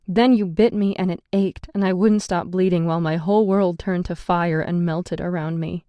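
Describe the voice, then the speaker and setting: A woman's voice: on the low side, flat delivery, a little slow, creaky, dark tone, dry recording. A woman voicing a wary, defiant young heroine in an audiobook, speaking in a guarded way. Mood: hurt.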